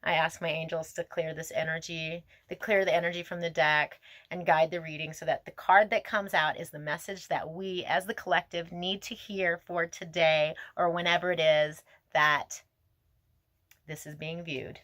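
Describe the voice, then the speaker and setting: A woman's voice: low voice, steady tone, normal speed, a bit bright, dry recording, studio quality. Gushing, emotional woman tarot reader. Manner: gushing, emotional, talks to herself, frequent laughs. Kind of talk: casual tarot reading to camera. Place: outdoors.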